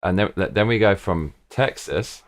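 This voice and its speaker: A man's voice: sits low, normal speed. A man hosting a casual live stream chat, thinking aloud and repeating "look" and "bruv" as he plans a trip. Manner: excitable, thinking aloud, repeats 'look' and 'bruv'. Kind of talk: casual chat while planning a trip with viewers.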